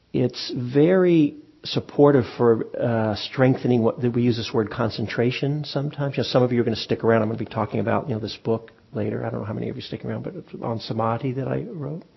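Male meditation teacher, husky mid-pitched voice, dull lo-fi recording, casual dharma talk. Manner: relaxed, conversational, frequent ums and restarts. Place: meditation hall with audience.

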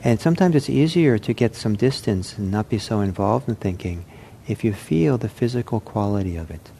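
A man giving an unscripted meditation talk, speaking in a gentle, reflective way with frequent pauses and restarts. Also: on the low side, lively intonation, gravelly, slight background noise. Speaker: meditation teacher.

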